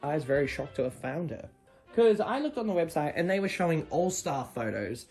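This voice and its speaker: Lively low-voiced Australian young woman. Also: fairly quick, faint music behind. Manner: chatty, animated, jokey and self-deprecating. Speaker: plush collector YouTuber. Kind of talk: casual show-and-tell vlog.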